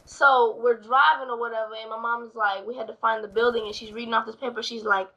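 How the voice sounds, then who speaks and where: Woman, young adult, casual video-call chat; high and bright, laughs through her stories. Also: steady tone, quick pace, muffled recording. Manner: laughing storyteller, mimics her mom. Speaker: co-host.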